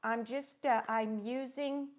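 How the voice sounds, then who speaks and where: A woman's voice: fairly high pitch, steady tone, slow. A middle-aged woman, chatting through a craft demonstration livestream and greeting viewers by name.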